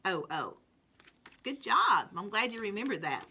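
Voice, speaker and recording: Slow, bright-voiced woman teaching phonics. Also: mid-range voice, expressive. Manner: patient and encouraging, draws out each sound. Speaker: kindergarten teacher. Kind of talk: slow, clearly sounded-out phonics lesson. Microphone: recorded alone at home for distance learning.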